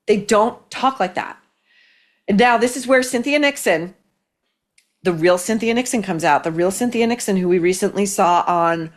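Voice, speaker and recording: A woman hosting an opinionated commentary show, talking in a scathing, fast-flowing way with frequent restarts. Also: medium pitch. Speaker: host.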